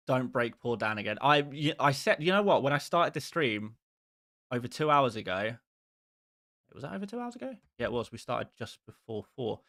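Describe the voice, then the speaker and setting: A man's voice: medium pitch, animated, moderate pace, pushed and bright, no room sound, clean studio sound. A man hosting a live stream who chats casually with his viewers in a rambling, exasperated and self-mocking way.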